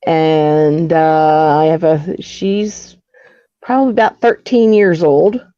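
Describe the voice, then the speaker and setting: A woman guest in a casual conversation, speaking hesitantly and softly with many pauses. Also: deep voice, steady tone, dry recording, highs cut off.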